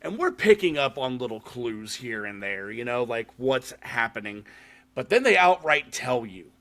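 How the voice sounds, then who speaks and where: A man's voice: mid-range voice, sing-song, normal speed, sharp tone. A man hosting a podcast, casually recapping a horror short film, swearing freely and using lots of fillers. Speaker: podcast host. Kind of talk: casual chat.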